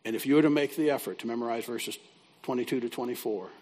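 A man's voice: mid-range voice, fast talker, a little mellow. A man who works as a biblical counselor, teaching a class by telling a folksy, conversational story. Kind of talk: teaching through a told story.

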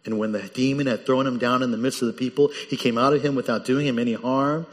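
A man preaching a sermon as the pastor, animated and lively, his voice jumping up when he quotes people in the story. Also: medium pitch, fast, long reverb tail.

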